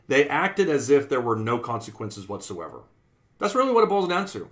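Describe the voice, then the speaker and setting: In a mid-range voice, a man preaches earnestly in the conversational style of a Bible class, repeating his phrases and acting out the sayings he quotes.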